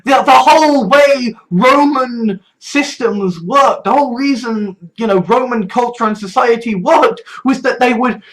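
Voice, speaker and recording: A self-righteous Doctor in a clumsy fake Scottish accent, as a speaker puts him on, loud and heated, tripping over words. The pitch sits in the middle and the pace drags. It is a rant delivered as a vlog impression. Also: natural voice, low-quality recording. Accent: put-on Scottish.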